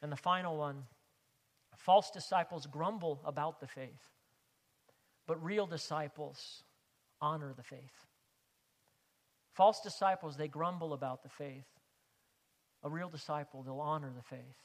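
A pastor preaching with earnest conviction, reading scripture aloud and praying aloud to his congregation. His voice sits a little high for a man. The sound rings with the long reverb of a church hall. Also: a little slow, pauses often. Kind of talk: sermon.

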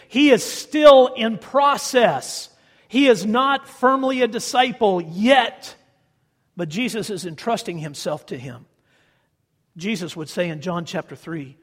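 A man preaching a sermon and reading scripture aloud, swinging dramatically between loud, forceful lines and hushed, quiet ones. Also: high-pitched, breathy edge, big-room sound. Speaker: pastor.

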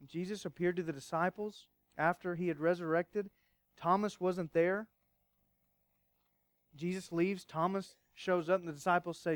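Clear-voiced man preaching emphatically. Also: high-pitched, no room sound. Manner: emphatic preaching, rising and falling in intensity, rhetorical questions. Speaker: pastor. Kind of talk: sermon.

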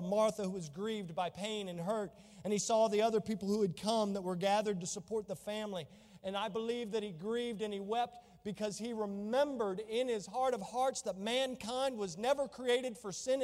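A man pastor preaching a fervent sermon in a church, swinging from soft to loud, reading scripture in old-fashioned wording. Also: high voice, normal speed, in a large hall.

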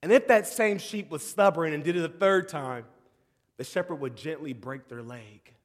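Animated preacher man in a reverberant hall. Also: a little high, normal speed. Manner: swings from shouting excitement to hushed, tender tones; calls out to the audience as "y'all". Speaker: pastor. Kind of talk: sermon.

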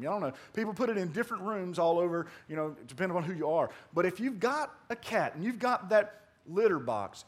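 Man, high voice, pastor, conversational sermon, loud-to-hushed swings. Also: slightly rough. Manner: conversational preaching with repeated "man".

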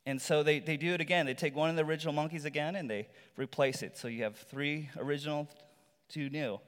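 A male pastor giving a sermon in a relaxed, conversational storytelling manner, with rhetorical asides to the congregation. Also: fairly high pitch, quick pace, smooth. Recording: long reverb from a large hall.

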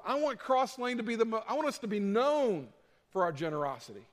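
A middle-aged pastor delivers his sermon in an earnest, conversational way, acting out what others might say. His voice sits a touch high for a man. A long reverb from the church sanctuary trails every phrase. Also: very animated, fast. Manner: earnest, conversational preaching with quoted asides.

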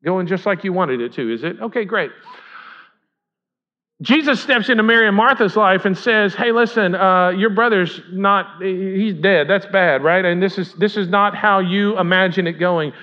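A man's voice: high-pitched, normal speed. A man preaching as pastor in a conversational way, asking the congregation questions as he retells a story. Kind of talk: sermon. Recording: dull lo-fi sound.

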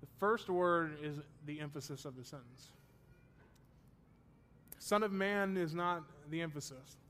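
A man's voice: a little high, moderate pace, a bit bright, a little hiss or hum. Man teaching a Bible study class. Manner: explains terms, checks if students follow; self-deprecating humor.

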